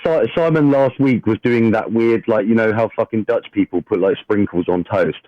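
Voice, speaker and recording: A man's voice: on the low side, no room sound. A man reading a fantasy game recap aloud and joking casually between readings. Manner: jokey, swears casually, reads narration slowly. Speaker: player reading the session recap. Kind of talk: casual chat and read-aloud fantasy narration. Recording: dull lo-fi dry sound.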